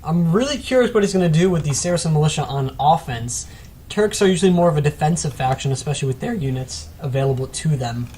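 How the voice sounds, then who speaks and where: A man's voice: a little high, expressive, fast talker, mellow, a little hiss or hum. A man giving casual commentary on a strategy game replay, rambling and self-mocking with chatty asides, still a bit sick. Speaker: gameplay commentator.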